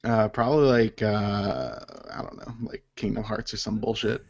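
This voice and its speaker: A man co-hosting a casual podcast, deadpan and offhand. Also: fairly low pitch, moderate pace, gravelly. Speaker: podcast co-host. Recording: dull lo-fi remote audio.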